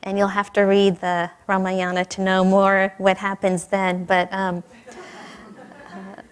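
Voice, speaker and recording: A spiritual teacher gives a storytelling sermon in a smooth, mid-range voice that's a little slow and completely flat in delivery. Even so, her manner is warm and conversational, with light laughter and audience questions.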